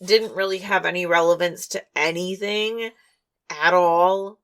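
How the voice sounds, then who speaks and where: A woman's voice: on the low side, steady tone, a bit bright. A woman co-hosting a podcast, chatting wryly about a film and acting out the characters' lines. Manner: chatty, wry, acts out characters' lines in quick voices. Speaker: podcast co-host. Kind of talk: casual chat recapping a film. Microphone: studio microphone.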